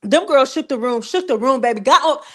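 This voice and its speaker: A woman's voice: high voice, lively intonation, fairly quick. A young woman hosting a live-stream recap, talking in a casual, slangy way and teasing with repeated rhetorical questions.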